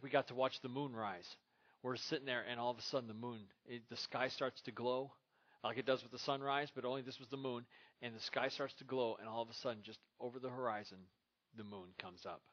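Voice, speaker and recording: A man's voice: medium pitch, fairly bright tone. Conversational preacher man, muffled recording. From Minnesota. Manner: conversational storytelling, lifting into emphatic scripture reading. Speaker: pastor. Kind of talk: sermon.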